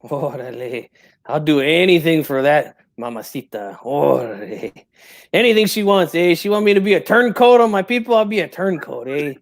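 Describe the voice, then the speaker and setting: A man's voice: on the high side, animated, moderate pace. Man doing a tipsy bragging boxing dad. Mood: boastful. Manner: tags nearly every phrase with "eh?", drops Spanish slang. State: drinking, tipsy. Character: boastful tipsy older boxing dad, proud and touchy. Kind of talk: comic impression.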